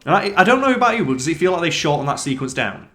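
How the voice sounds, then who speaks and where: Guy doing lets play commentary, talks super fast, gets hyped and swears a lot. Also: a little high. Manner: excitable, swears freely, quizzes his co-player. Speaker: let's play host. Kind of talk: casual gameplay commentary.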